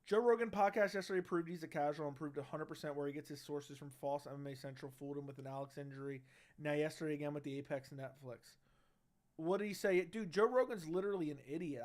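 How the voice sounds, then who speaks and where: Young guy on a live stream, brash banter, kinda high voice, close studio mic. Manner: brash, loose banter with slang and swearing. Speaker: livestream host. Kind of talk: casual live chat reading. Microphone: studio dynamic mic.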